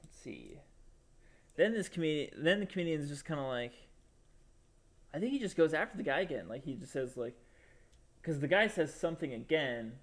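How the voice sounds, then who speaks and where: A man's voice: a little high, animated, normal speed, pauses often. Rambling young man telling a story. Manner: rambling, full of fillers and quoted voices. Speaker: podcast co-host. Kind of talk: casual chat, storytelling.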